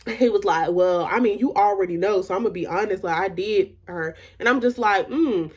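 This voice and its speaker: A woman's voice: medium pitch, normal speed, a little mellow, slightly rough. A woman vlogger telling a casual storytime, emphatic and candid, filling her talk with "like" and retelling conversations. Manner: emphatic, repeats "like" often.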